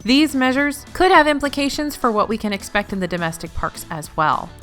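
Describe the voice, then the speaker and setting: A woman's voice: on the high side, very animated, brisk, a bit bright, soft background music. A woman hosting a weekly news roundup, reading in a news-anchor style with playful asides. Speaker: news host.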